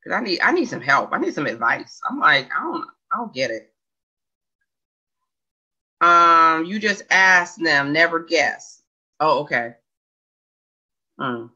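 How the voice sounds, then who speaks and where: Woman, forties, bright and forceful voice, chatty and rambling, dull lo-fi sound. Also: low voice, very animated, a little slow, long pauses, breathy edge. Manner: chatty, rambling, self-questioning, laughs often. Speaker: livestream host reading chat. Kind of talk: casual livestream chat.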